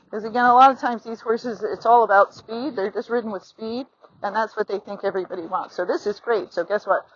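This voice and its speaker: Speaking at a fairly quick clip in a medium-pitched voice, a middle-aged woman leads an outdoor riding lesson while mounted, chatting encouragingly and performing the imagined thoughts of horse and rider. The phone mounted on her yields slightly dull lo-fi sound with a bit of hiss or hum.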